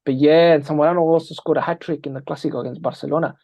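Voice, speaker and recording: A man on an interview, a football analyst, telling lively anecdotes and acting out quoted lines. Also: a little high, rapid-fire, dry recording. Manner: energetic, tells anecdotes with quoted dialogue. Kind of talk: animated storytelling interview.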